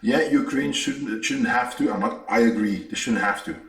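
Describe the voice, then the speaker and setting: A man's voice: mid-range voice, normal speed, a bit bright, reverberant, distant mic. A man hosting a podcast, arguing his point emphatically with analogies and the odd curse word. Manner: emphatic, argumentative, uses analogies and profanity. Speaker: podcast host. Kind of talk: conversational interview.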